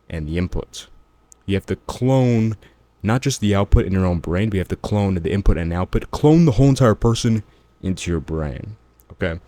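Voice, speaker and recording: A man's voice: low voice, dark tone, no echo. A man talking straight to the viewer in a casual, slangy, motivational vlog. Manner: slangy, emphatic, addresses the viewer directly. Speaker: self-improvement vlogger. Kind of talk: casual motivational talk to camera.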